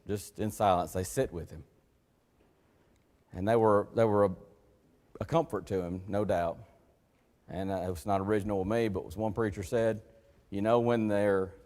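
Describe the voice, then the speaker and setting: A man preaches a folksy, conversational sermon in a church sanctuary. He swings from loud, emphatic lines to hushed, low asides and acts out the voices he quotes. His voice carries a long, ringing reverb from the hall.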